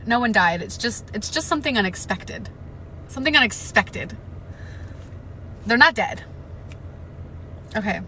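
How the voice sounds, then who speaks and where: A woman on a live stream, reading a novel aloud and breaking into loud, panicked reactions and swearing, from inside a car. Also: fairly high pitch, expressive, a little slow, long pauses, slight background noise.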